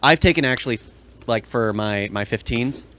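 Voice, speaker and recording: A man's voice: mid-range voice, moderate pace, a bit bright, a little hiss or hum. A young man telling long, rambling work stories in a casual podcast chat. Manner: rambling storyteller, many restarts. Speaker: podcast co-host.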